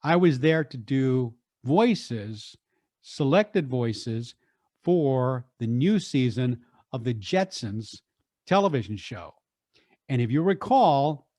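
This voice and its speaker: An older man, a radio deejay and voice artist, telling stories in an energetic, animated interview. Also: mid-range voice, no room sound, studio quality. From Texas, USA. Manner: energetic, animated, quick restarts. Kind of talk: storytelling interview.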